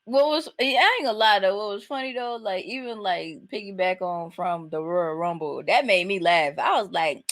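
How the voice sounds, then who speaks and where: A woman's voice: medium pitch, expressive, moderate pace, hardly any pauses. A woman co-hosting a podcast in casual chat, slangy and laughing often. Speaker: podcast co-host.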